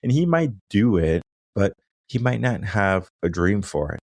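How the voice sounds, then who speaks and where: A man's voice: lowish voice, sing-song, a little slow, a little mellow, no echo, clean studio sound. A man hosting his own coaching podcast, talking casually and often checking in with "right?". He livens up when acting out things he or others say. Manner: casual, conversational, frequent "right?" tag questions. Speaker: podcast host and mindset coach. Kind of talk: solo podcast monologue.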